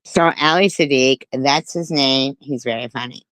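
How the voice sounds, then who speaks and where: A woman from the United States hosting a casual commentary stream, unhurried and opinionated, with many "um"s and "you know"s. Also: extremely low pitch, a bit bright, no room sound, low-quality recording.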